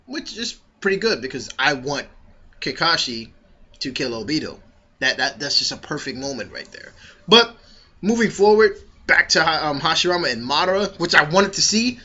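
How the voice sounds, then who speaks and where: A man reviewing a comic chapter in a casual vlog, excitable, slangy and profane. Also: medium pitch, a little hiss or hum. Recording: dull lo-fi recording.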